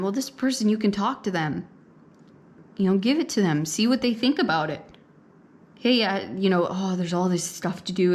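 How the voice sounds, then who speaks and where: Speaking at a medium pitch, a woman runs a pick-a-card tarot reading and talks to her audience conversationally. Repetition is frequent, as are little check-ins like "okay?" and "right?", plus the occasional soft laugh.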